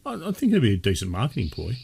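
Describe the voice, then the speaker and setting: A man's voice: mid-range voice, wildly swooping pitch, very fast, vocal fry, a little mellow, slightly rough. A man co-hosting a casual gaming podcast, chatting loosely and rambling with many restarts. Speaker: podcast co-host. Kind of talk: casual chat.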